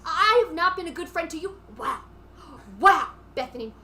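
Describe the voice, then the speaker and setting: A woman's voice: very high-pitched, fairly quick, bright, forceful tone, pitched above the performer's own voice. A woman playing a brash, defensive middle-aged socialite in a comic improvised reality-show reenactment, dramatic and indignant. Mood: outraged.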